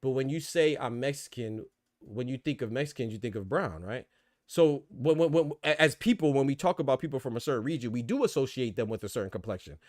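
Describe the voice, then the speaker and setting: A man hosting a boxing podcast talks at a rapid clip, doubling back on words as he builds his point. His voice sits at an ordinary pitch and the sound is dry and close, with no room around it. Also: dry recording. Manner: fast, animated, repeats words while thinking. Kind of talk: casual podcast debate.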